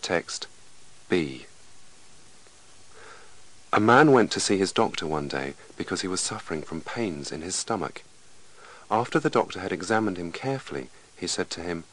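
A man reading English lesson texts aloud as scripted narration, slow and measured. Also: low-pitched, lively intonation, fairly bright tone, poor audio.

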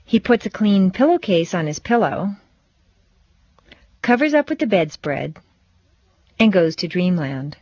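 A woman teaching English pronunciation, reading set phrases and sentences with slow, deliberate, exaggerated stress for learners to repeat. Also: on the low side, big pitch swings, darkish tone, dry recording, lo-fi sound. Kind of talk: scripted pronunciation drill.

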